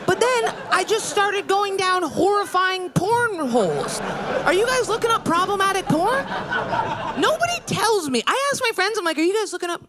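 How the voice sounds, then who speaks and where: A woman stand-up comedian on a club stage, telling brash, crude stories with an animated delivery and frequent laughs. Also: very high voice, moderate pace. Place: comedy club stage before a live audience. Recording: live show recording with crowd and noise.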